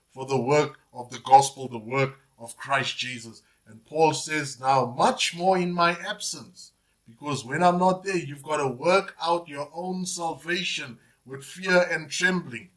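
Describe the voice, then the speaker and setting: A man's voice: fairly high pitch, fairly bright tone. A man, preaching a sermon as pastor, emphatic and repetitive, often saying "Praise God". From South Africa.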